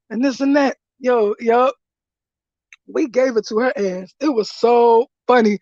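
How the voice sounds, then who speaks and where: A woman with a high voice tells a story as a casual, animated and profane vlog rant. Her voice is recorded dry, with a dull lo-fi sound. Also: measured pace, no echo. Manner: animated, profane, laughing through retelling. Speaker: vlogger.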